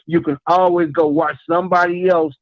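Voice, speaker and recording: Over a muffled phone-in line with no room sound, a male caller to a live show praises the host in an earnest, rambling, repetitive way. His voice is on the high side, and he speaks at normal speed with a flat delivery.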